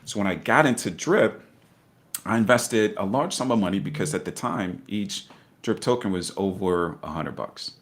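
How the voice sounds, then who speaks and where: A man's voice: lowish voice, lively intonation, moderate pace. A middle-aged man telling his investing story in a casual interview, acting out voices with laughter. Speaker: guest investor.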